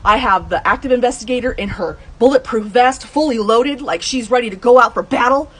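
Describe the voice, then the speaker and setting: A woman's voice: brisk, fairly bright tone, slightly rough, low-quality recording. Heated, blunt woman telling her story. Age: adult, over 30. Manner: blunt and heated, swears, rises to high outbursts. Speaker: true crime vlogger telling her mother's case. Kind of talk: emotional first-person storytelling.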